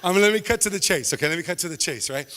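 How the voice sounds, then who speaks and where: Stand-up comic, male, slightly high voice, animated slangy storyteller; hall reverb. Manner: animated, slangy, acts out characters in quick asides. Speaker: stand-up comedian.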